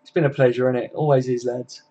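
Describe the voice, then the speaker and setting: A man's voice: mid-range voice, level tone, fast, mellow, dull audio. A tired young man chatting casually and swearing freely as he wraps up a football live stream.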